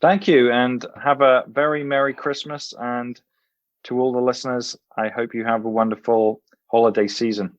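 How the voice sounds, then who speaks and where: A male author reading his book aloud, then chatting in a relaxed way as a podcast guest. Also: mid-range voice, moderate pace, no echo, muffled recording. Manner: relaxed and expressive, some uh fillers.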